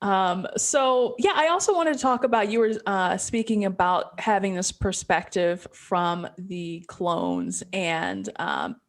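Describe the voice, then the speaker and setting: A woman's voice: mid-range voice, very animated, slow, few pauses. Chatty woman podcast host. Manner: chatty, laughs often, hands off to others. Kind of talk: casual chat.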